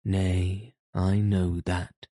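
A man's voice: deep voice, level tone, drawn-out words, mellow, no room sound, studio quality. A man voicing a bold, cheerful teenage outlaw boy who jests in old-fashioned speech. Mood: boastful. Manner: jesting, archaic speech. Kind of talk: audiobook character reading.

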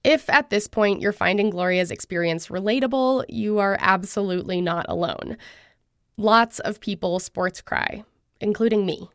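Smooth-voiced woman host narrating. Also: medium pitch, moderate pace, dry recording, clean studio sound. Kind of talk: scripted narration.

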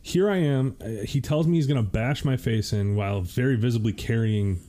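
A man co-hosting a podcast, casually retelling a tense story with wry, dark humor. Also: mid-range voice, brisk. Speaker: podcast co-host.

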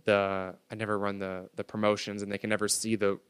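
A man holds forth in a relaxed chat, telling a story with emphatic, slangy, profane energy. His voice sits low and comes through smooth and resonant. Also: brisk.

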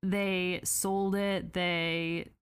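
A woman hosting a podcast, retelling a story in a casual, animated, sarcastic way with mock quotes. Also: on the low side, very slow, clean tone. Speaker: podcast host.

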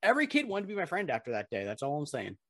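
A man's voice: fairly high pitch, huge pitch swings, rapid-fire, a bit bright, dry recording. Young man, podcast co-host, rambling storyteller, swears a lot, dry close sound. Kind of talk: casual podcast chat.

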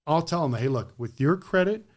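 A man's voice: on the high side, normal speed. A man, a former car dealer, talking bluntly in an interview and acting out his customer exchanges. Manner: blunt, animated storytelling with acted customer exchanges. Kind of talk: interview conversation. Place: Las Vegas.

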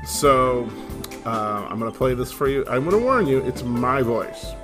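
A man's voice: mid-range voice, lively intonation, a little slow. A middle-aged man giving a casual, self-deprecating introduction as host, with easy fillers. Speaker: podcast host. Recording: voice over guitar music. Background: guitar music.

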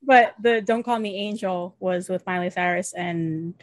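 A woman's voice: on the low side, measured pace, dry recording. A young woman co-hosting a casual fan podcast, chiming in with short remarks and giggles. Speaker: podcast co-host.

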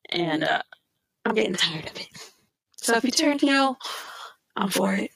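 This woman co-hosts a casual podcast, talking in an animated way and breaking into laughter often. She acts out other people's lines as she goes. The recording is dry and close, with almost no room sound. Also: medium pitch, measured pace, creaky, pauses often, dry recording, rough recording. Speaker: podcast co-host. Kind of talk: casual chat recapping wrestling shows.

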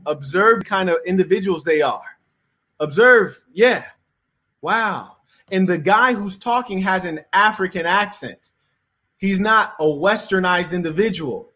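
A man's voice: sits high, unhurried, sharp tone. A man giving reaction commentary in a preachy, moralizing way.

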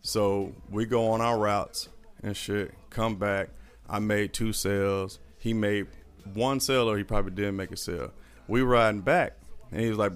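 A man telling a story in a casual chat, animated and profane, often laughing. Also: on the low side, moderate pace, clear, resonant tone, faint music behind.

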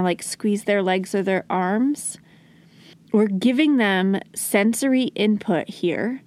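A woman hosting a podcast, explaining parenting ideas calmly and modeling gentle phrases to say to small children. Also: medium pitch. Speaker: podcast host. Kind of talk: solo parenting advice talk.

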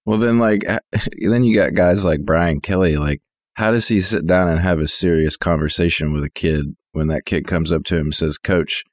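A man's voice: sits low, normal speed, no room sound, studio quality. A man co-hosting a casual sports podcast, asking rhetorical questions and swearing freely. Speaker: podcast co-host.

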